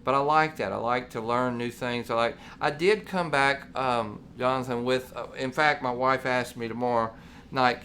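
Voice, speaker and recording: A man's voice: medium pitch, fairly even intonation, normal speed, bright, forceful tone, a little hiss or hum. A man, co-hosting a casual talk show and telling long stories full of quoted dialogue. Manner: rambling, storytelling with quoted dialogue. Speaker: podcast co-host. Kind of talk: casual chat.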